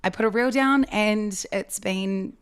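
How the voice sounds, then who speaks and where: A woman's voice: medium pitch, unhurried, smooth. Chatty New woman telling stories. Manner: animated, laughing, chatty. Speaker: voice actor, guest. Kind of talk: casual chat, storytelling.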